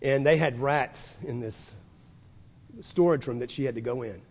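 A man preaching a sermon as pastor, emphatic, building to loud declarations and leading listeners to repeat after him. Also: medium pitch, moderate pace. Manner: leads listeners in call-and-repeat confessions. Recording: long reverb of a large hall.

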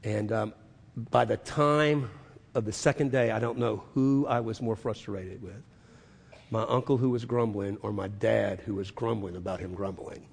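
A man preaching a sermon, moving from hushed asides to loud, emphatic declarations with drawn-out stressed phrases. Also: on the low side, fairly even intonation, gravelly, slightly rough. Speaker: pastor. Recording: long hall reverb.

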